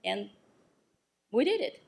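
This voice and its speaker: A woman on a panel, not from the US, speaking in an animated, emphatic way about teaching young children and repeating phrases for stress. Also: mid-range voice, takes it slowly, creaky. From outside the US. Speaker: panelist, early childhood educator. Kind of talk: casual panel talk.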